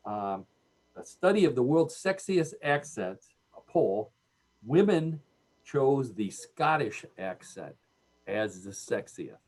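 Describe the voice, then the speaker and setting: A man's voice: medium pitch, big pitch swings, takes it slowly, a little mellow. A man with a Cleveland accent hosting a radio show, joking and laughing at his own jokes. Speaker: radio host. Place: radio studio.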